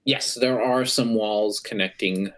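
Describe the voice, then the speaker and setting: A man running a tabletop game as game master, describing the scene with many pauses and restarts. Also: fairly low pitch, fairly even intonation, fairly bright tone. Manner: hesitant, with many ums and restarts.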